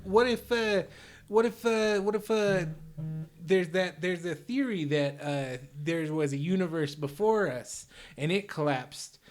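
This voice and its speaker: A man's voice: high voice, measured pace, faint music behind. A man voicing a male hero who can undo things, with a Chicago accent and a rambling, thinking-aloud manner. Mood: musing.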